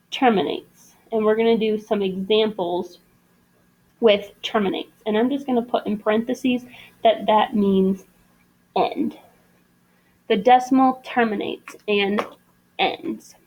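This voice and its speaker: Slow talking math teacher lady, kinda high voice, dull lo-fi sound. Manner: slow, patient, explaining step by step. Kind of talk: recorded classroom lesson.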